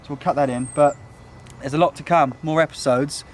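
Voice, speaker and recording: Out of breath but chatty and enthusiastic, this young man walks viewers through a building site for his vlog. He speaks fairly quickly in a slightly high voice with a steady tone.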